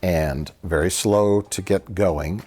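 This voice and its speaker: A man's voice: deep voice, slow pace, a little mellow, breathy edge. A man co-hosting a film review show, telling a long annoyed story in casual chat, acting out quotes and swearing freely.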